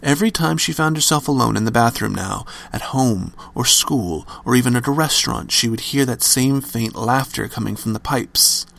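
A man's voice: mid-range voice, normal speed, creaky, hardly any pauses, fairly bright tone, no echo. A man narrating a scripted horror story with dramatic, varied emphasis.

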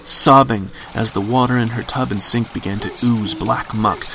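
A man's voice: medium pitch, normal speed, gravelly, few pauses, a bit bright, a little hiss or hum. A man narrating a scripted horror story with dramatic, varied emphasis.

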